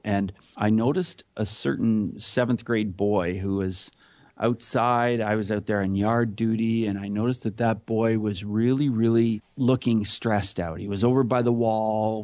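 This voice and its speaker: A man's voice: on the low side, a little mellow, no room sound. A middle-aged man telling his story earnestly in a conversational interview. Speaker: guest, anti-bullying speaker.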